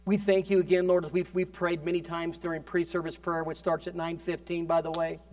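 Male pastor, high register, fervent sermon delivery with big dynamic swings. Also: level tone, a little fast. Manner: fervent preaching, swings between loud declarations and hushed asides.

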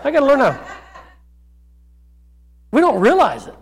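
A middle-aged man preaches as pastor to his congregation. His voice sits very high for a man. He swings between loud, rousing calls to the room and softer, slower passages as he reads scripture. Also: huge pitch swings. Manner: preaching with sudden shouts and quieter scripture reading. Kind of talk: sermon. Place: church.

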